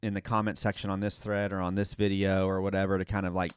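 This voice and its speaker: A man with a very low, smooth, clear voice, co-hosting a faith discussion podcast. He thinks aloud in a halting way, stopping to correct himself. The recording is dry and close. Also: little pitch movement, no room sound. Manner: reflective, halting, many fillers and self-corrections. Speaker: podcast co-host.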